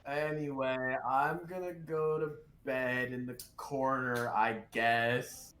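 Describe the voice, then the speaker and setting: Young male game master, mid-pitched, casual and wry, laughs a lot. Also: flat delivery, slow pace, a bit bright. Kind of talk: narrating a tabletop game.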